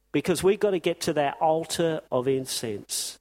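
A man's voice: on the high side, moderate pace, few pauses, a little mellow. A man preaching an impassioned sermon to his congregation, firing off rhetorical questions. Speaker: pastor.

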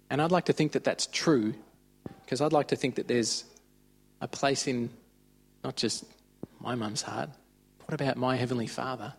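A man giving an informal, conversational sermon. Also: medium pitch. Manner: conversational, chatty retelling of stories. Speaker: preacher.

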